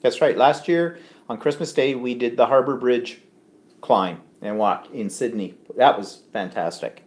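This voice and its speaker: A man's voice: medium pitch, measured pace, darkish tone. A man co-hosting a casual live stream from home, chatting and reading out viewer comments with many ums. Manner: chatty, reads comments aloud, frequent ums.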